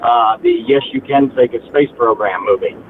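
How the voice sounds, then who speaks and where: A man calling in to a talk show, telling a story with animated asides and mimicking relatives. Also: medium pitch, moderate pace. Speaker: caller. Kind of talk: casual phone-in chat. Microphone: phone. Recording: tinny phone line with faint hiss.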